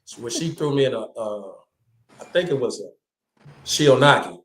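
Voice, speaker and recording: A man who is a guest tells animated stories in casual, slangy talk, mimicking the people he quotes. His voice sits at an ordinary middle pitch. The sound has a roomy echo around it. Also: moderate pace, slight background noise. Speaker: guest, martial artist. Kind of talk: casual storytelling chat.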